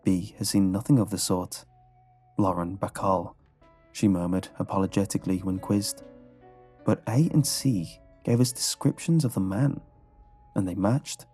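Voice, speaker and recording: A man giving scripted horror narration in a low, measured storytelling manner. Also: warm tone, slightly rough. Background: faint background music.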